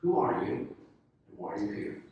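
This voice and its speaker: A man voicing a devout old rabbi who asks sly questions, his voice rising high. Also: normal speed, recorded from a distance, dull audio, slight background noise, natural voice. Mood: wry. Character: devout old male rabbi, gently wry. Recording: echoey room heard from afar.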